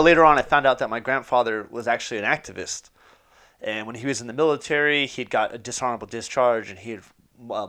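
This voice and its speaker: Fast, loose man telling a story. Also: mid-range voice, fairly bright tone. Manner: quick, loose and profane, with fillers and laughs. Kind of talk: personal anecdote, casual storytelling.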